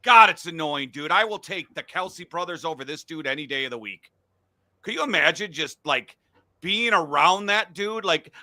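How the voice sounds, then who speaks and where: A man's voice: on the high side, lively intonation, normal speed, bright, forceful tone, no echo. A middle-aged man hosting a casual sports podcast from a home studio, blunt and profane when he rants. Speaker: podcast host.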